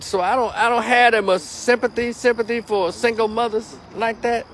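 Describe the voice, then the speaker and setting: A man's voice: sits high, a bit bright, slight background noise. A man hosting a livestream opinion rant outdoors, talking in a blunt, profane, preachy way and greeting viewers by name. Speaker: host. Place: outdoors, moving around.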